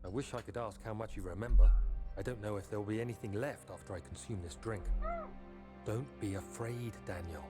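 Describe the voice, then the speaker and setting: Game voice-over: male actor as a grave, haunted young man, low-pitched, with music beneath. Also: a little fast, lightly acted. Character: haunted young man recording an urgent message to himself. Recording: music playing under the voice.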